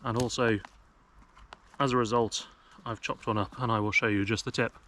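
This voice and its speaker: A man's voice: mid-range voice, fairly even intonation, normal speed, pushed and bright. Wry British man chatting in the woods. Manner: wry, self-mocking, rambling jokes. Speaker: outdoor vlogger. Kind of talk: casual chat to camera. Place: woodland outdoors. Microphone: action camera.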